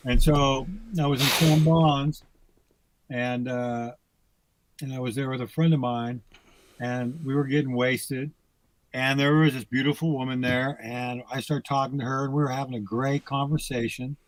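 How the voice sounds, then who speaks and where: A man's voice: medium pitch, steady tone, normal speed, dry recording, poor audio. Blunt, profane man on a dry mic. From United States. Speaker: podcast guest. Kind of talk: casual conversation.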